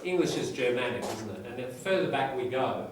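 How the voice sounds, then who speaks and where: A man's voice: mid-range voice, animated, fairly quick, background noise. A man teaching an English class, explaining in short phrases and checking in with his students. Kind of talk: classroom lecture with reading aloud. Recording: echoey classroom from far off.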